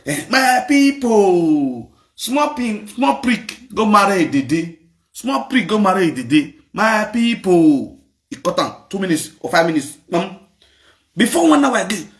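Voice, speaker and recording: Playful lively-pitched Nigerian man. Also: a little slow. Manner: playful, sing-song sign-offs, chanting catchphrases. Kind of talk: casual chat.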